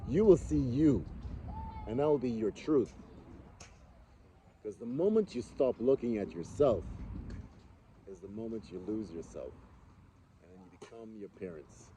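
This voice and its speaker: A man's voice: on the low side, animated, measured pace, long pauses, warm tone. A man co-hosting a podcast, talking earnestly and philosophically in casual chat, repeating phrases for emphasis. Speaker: podcast co-host. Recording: noisy background.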